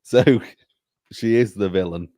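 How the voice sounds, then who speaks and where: Male guest, low warm voice, casual chat, easy laugher, dry recording. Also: slow, dry recording. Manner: laughs easily, agreeable. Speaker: co-host guest.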